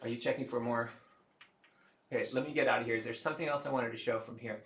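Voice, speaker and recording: A man hosts a relaxed livestream, talking off the cuff and stopping now and then to work the computer. His voice is bright and forward. The room around him has a clear echo. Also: medium pitch, fast talker, a little hiss or hum. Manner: chatty, laughing and fumbling with the computer as he talks. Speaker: livestream host and game creator. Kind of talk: casual livestream chat.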